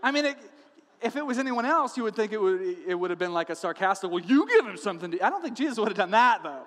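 A man's voice: high-pitched, animated, fast, a bit bright, long reverb tail. A male pastor preaching a sermon, telling the story with humor and acting out the quoted lines. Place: church sanctuary.

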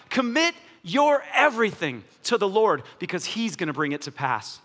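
A man, a pastor, preaching a sermon in a church, animated and jokey with strong emphasis. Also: high-pitched, normal speed, hardly any pauses. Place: church hall. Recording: echoey church hall.

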